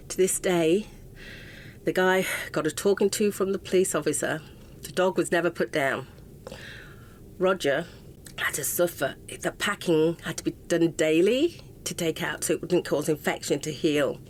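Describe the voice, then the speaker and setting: Impassioned English woman, low voice. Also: moderate pace, a little hiss or hum. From England. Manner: raw and impassioned, often breaking off mid-sentence. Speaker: interview guest. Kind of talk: emotional personal storytelling.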